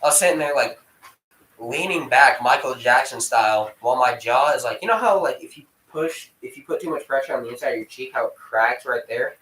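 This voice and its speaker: Young man, casual rambling storyteller, profane, mid-pitched voice, roomy echo. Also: fairly quick, bright, forceful tone, recorded from a distance. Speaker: vlogger. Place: room at home with dogs. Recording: echoey room.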